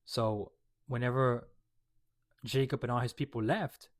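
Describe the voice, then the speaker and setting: Guy reading a bible chapter then explaining it all casual and rambly, mid pitch, dry close sound. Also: steady tone, a little slow, no room sound. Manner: reads a verse then retells it in slangy everyday words; loose and rambling, many fillers and restarts.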